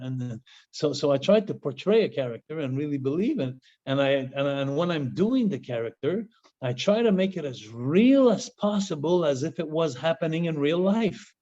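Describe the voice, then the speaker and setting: A man telling stories as an interview guest, animated, laughing often and repeating words. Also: fairly high pitch. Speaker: guest, former pro wrestler. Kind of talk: casual interview storytelling. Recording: dull lo-fi sound.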